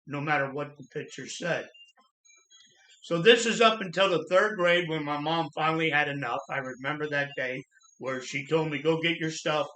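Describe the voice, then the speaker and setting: Earnest man telling his story, bright voice. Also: on the high side. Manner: earnest, plain-spoken, halting with restarts. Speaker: channel host sharing personal trauma story. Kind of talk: personal storytelling monologue. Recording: echoey room.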